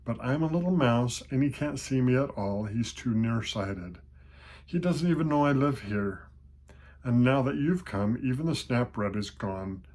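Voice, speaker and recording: An older man with a husky voice voicing a poor, hungry little male church mouse who talks plaintively. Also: medium pitch, lively intonation, a little slow, a little mellow. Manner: timid, plaintive, rhyming.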